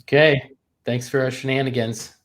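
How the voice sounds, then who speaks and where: A man co-hosting a casual livestream with his wife, playful and quick to laugh, with casual swearing. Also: mid-range voice, fairly even intonation. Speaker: co-host. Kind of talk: casual couple's livestream talk.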